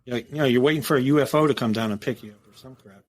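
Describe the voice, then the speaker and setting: A middle-aged man from the United States, a former prison captain, telling a story as a podcast guest in a casual, profane, animated way. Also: mid-range voice, very fast. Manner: profane, animated storytelling, acts out quoted dialogue.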